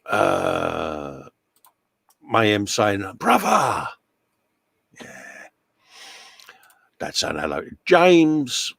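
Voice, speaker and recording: A man's voice: deep voice, big pitch swings, drawn-out words, vocal fry, pauses often, fairly bright tone, dry recording. A man hosting a casual live chat from his workshop, laughing often and reading out viewer comments. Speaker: host. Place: home workshop.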